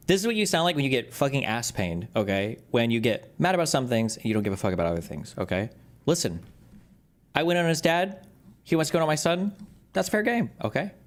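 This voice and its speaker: A male political streamer fires off commentary at a rapid clip. His tone is brisk and dismissive, and he argues his point without letting up. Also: medium pitch.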